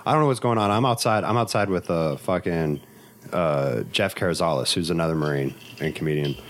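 A man with a lowish voice spins a loose, swearing anecdote full of fillers. He talks like a comedian chatting with friends on a podcast. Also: a little fast, a little hiss or hum. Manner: profane, rambling anecdote with frequent fillers. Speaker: stand-up comedian and Marine veteran. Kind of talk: casual podcast storytelling.

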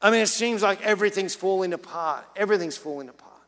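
A man delivers a sermon in a high, bright voice, telling a story in a relaxed, chatty way and then pressing his point with rising urgency. His words ring out with a long reverb, as in a church hall. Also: fast talker. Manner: casual preaching, rising to urgent emphasis. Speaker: pastor.

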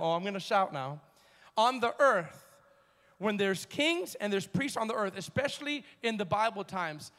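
A man preaching a sermon to his church, emphatic, rising to shouts and dropping to quiet asides. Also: high voice, big-room sound. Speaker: pastor. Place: church hall.

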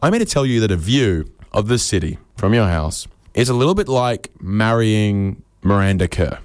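A man delivers a comic monologue in a low-pitched voice. His claims are absurd and deadpan, and he slips into quick acted-out voices for the people he quotes. The sound is dry and close, with no room echo. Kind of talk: comedic monologue.

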